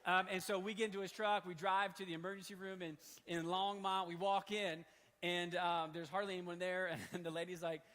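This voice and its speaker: A man in his thirties preaching in a church hall, telling a story in an animated, conversational way. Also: high voice, moderate pace. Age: 30s. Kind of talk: sermon storytelling. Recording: long hall reverb.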